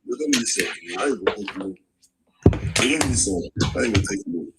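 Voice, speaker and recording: A man's voice: medium pitch, animated, normal speed, heavy background noise. A Nigerian man with a Nigerian accent in a street debate, accusing and dismissive toward the others. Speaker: discussant.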